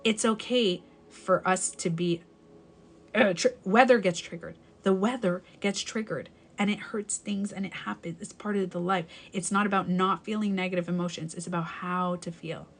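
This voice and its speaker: A woman's voice: lowish voice, fairly even intonation, moderate pace. A young adult woman, a life coach, giving advice in a live stream. She talks candidly and emphatically, swears casually and corrects herself mid-sentence as she rambles.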